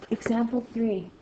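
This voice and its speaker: A woman teaching a math lesson to a class, loud and excitable, joking about herself as she works through problems. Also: fairly high pitch, a little hiss or hum, rough recording. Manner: loud, excitable, self-mocking.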